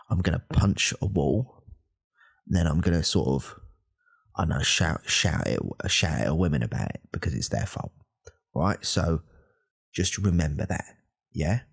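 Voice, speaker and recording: Man playing a hushed, gravelly alpha podcaster. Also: exaggerated voice. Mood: boastful. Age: 30s. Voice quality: gravelly, husky low voice. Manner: hushed, rambling, self-correcting. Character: self-important male alpha podcaster, insecure and rambling. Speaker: podcast host. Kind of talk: whispered role-play.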